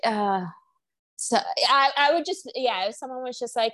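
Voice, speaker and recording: Woman, podcast co-host, animated casual chat, dry sound. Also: on the high side, moderate pace, no echo. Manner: animated, laughs often, trails off. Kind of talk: casual chat about reality TV.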